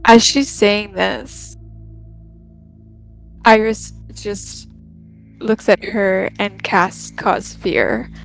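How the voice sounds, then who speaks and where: A woman's voice: mid-range voice, fairly even intonation, extremely slow, creaky, pauses often, soft background music. A woman playing a tabletop game, describing her character's actions casually and hesitantly. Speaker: player.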